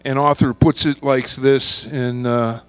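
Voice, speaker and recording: A man preaching a sermon, reading scripture and slowing down to stress key words. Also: mid-range voice, flat delivery, clean tone, no room sound. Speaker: pastor.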